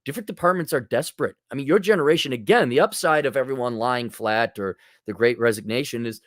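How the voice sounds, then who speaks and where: A man's voice: medium pitch, fast talker, dry recording, clean studio sound. A man hosting an advice podcast, talking bluntly and sarcastically in a casual monologue. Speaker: podcast host giving advice.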